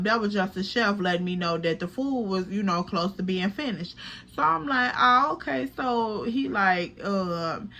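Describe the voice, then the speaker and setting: Young woman, bright animated storyteller voice, vlog storytime. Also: medium pitch, slight background noise. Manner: animated, chatty, profane, addresses viewers as girl. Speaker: storytime vlogger. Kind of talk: casual storytelling.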